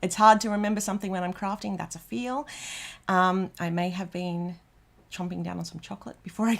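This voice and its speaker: Chatty Australian woman hosting a livestream. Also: medium pitch. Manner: chatty and rambling, full of ums and restarts. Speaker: livestream host. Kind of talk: casual livestream chat reading out comments.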